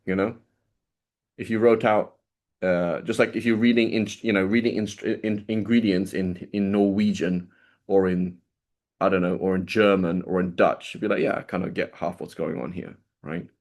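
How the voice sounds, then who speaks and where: Man teaching casually, always asking "right?". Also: lowish voice. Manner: casual, checks in with "right?" constantly; asks students questions. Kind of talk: classroom lecture.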